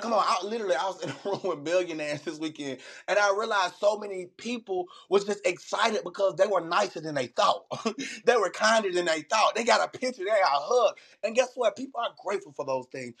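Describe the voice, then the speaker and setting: A man hosting a casual morning podcast, animated and emotional, with preacher-like calls of amen. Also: high voice. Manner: animated and emotional, laughs often; preacher-like call and response. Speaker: podcast host. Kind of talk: casual morning show talk.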